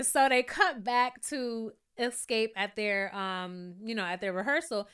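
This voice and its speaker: A woman's voice: a little high, unhurried, few pauses, smooth. A woman giving a casual, chatty recap and commentary, laughing often and acting out quotes from the show. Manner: chatty, animated, often laughing and quoting people. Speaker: YouTube reviewer.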